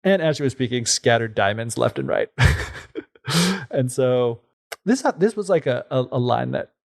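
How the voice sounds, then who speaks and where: A man's voice: mid-range voice, lively intonation, normal speed, creaky, no room sound, studio quality. A man co-hosting a podcast who retells a fairy tale in a loose, chatty way with lots of fillers. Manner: loose and chatty, with many fillers, putting on voices for the characters. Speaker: podcast co-host.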